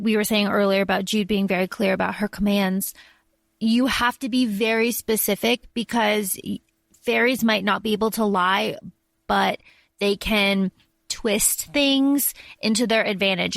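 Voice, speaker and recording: A woman's voice: medium pitch, gravelly, no room sound. A woman co-hosting a podcast, explaining points with examples in casual chat. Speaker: podcast co-host.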